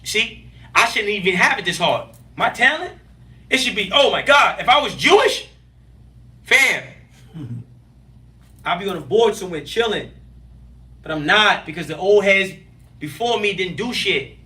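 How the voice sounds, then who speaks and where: A man with a high, bright voice tells stories as a podcast guest, animated and emphatic, full of street slang. He sits a little back from the microphone. His voice often jumps up in excited bursts. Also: a little slow, pauses often, distant mic. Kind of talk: casual interview storytelling.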